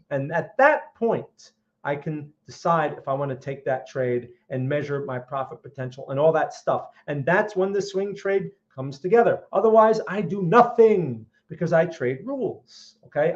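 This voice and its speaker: A man hosts a live market analysis stream in a fairly high voice. He talks emphatically and keeps checking in with his viewers. The audio is a little dull and lo-fi. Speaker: trading analyst host.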